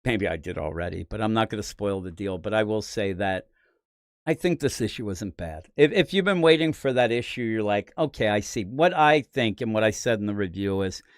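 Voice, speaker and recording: Hosting a comics podcast, a Philadelphia-area man rambles through a casual, opinionated preview of the week's comics, tossing in animated asides. He has a smooth, lowish voice at normal speed, captured in a dry, studio-quality recording.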